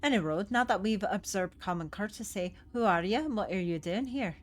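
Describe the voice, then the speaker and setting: A woman's voice: medium pitch, lively intonation, fairly quick, faint music behind, lightly acted. A woman voicing a blustery, bossy male dwarf with a put-on Scottish accent. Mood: scolding. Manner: bossy, scolding.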